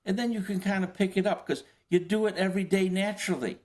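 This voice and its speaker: Being interviewed, this former FBI agent, an older man, talks through his explanations in a high-sitting, slightly mellow voice with fairly even intonation. Rhetorical questions and hasty restarts come up often.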